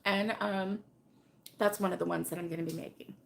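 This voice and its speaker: On her relaxed crochet live stream, the middle-aged host talks with viewers by name and laughs a lot, her voice still hoarse after an illness. She speaks fairly quickly in a mid-range voice with a steady tone.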